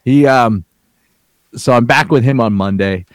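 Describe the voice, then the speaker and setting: A man's voice: medium pitch, unhurried, clear, resonant tone, no room sound. A man telling a rambling, profanity-laced work story in casual chat, with frequent restarts.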